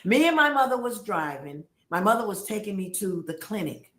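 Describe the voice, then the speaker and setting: A woman's voice: mid-range voice, sing-song, normal speed, fairly bright tone. A woman on a livestream telling a family story with emphasis, acting out the voices of the people she quotes. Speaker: guest on a livestream. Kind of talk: animated storytelling. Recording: roomy echo.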